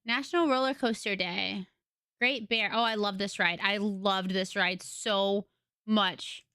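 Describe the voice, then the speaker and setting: A young adult woman livestreamer chatting casually with her audience, excitable and giggly as she tells stories. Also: mid-range voice, measured pace, smooth, dry recording, studio quality. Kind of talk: casual chat with a live audience. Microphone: desk microphone.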